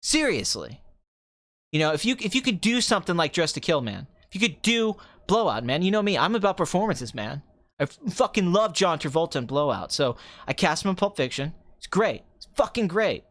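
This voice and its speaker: A man's voice: on the high side, no room sound. A man doing a hyper, cocky film director rant. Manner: fast ranting, jumps from calm to excited, swears. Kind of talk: comedic impression.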